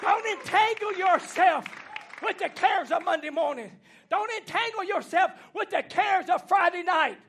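A man preaching a fiery revival sermon, shouting in rhythmic repeated phrases and calling out to the congregation. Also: very high voice, lively intonation, moderate pace, some chatter behind. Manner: shouting, rhythmic repetition, call-and-response exhortation. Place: church banquet hall.

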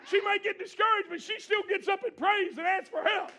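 A pastor preaching an impassioned sermon to a congregation in a church. He urges the listeners on, swinging from shouting to hushed, low passages. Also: steady tone, fairly quick, slight background noise. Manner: repeated call-and-response exhortations to the congregation.

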